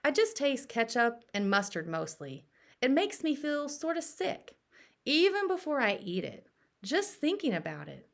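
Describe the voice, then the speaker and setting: A woman's voice: high voice, very animated, measured pace, gravelly, voice pushed up, exaggerated voice. A woman voicing a tired, queasy boy in a storybook read-aloud, sounding reluctant. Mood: weary.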